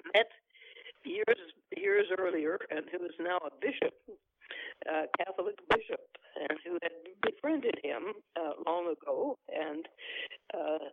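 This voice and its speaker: A man reading his own novel aloud in measured first-person narration over a tinny phone line, then talking about the story, with occasional self-corrections. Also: high voice, creaky, slight background noise. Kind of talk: book reading and phone interview.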